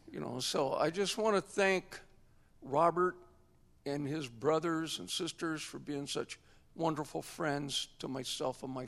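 Gravelly higher-voiced man, rambling and folksy. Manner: rambling and folksy, lots of "you know". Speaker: family friend at a memorial. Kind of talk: informal spoken tribute. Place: church. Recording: long church reverb.

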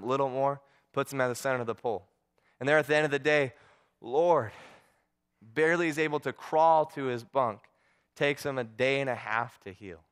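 A man's voice: medium pitch, fairly bright tone, clean tone. A male preacher telling a story in a sermon, earnest, often repeating words as he goes.

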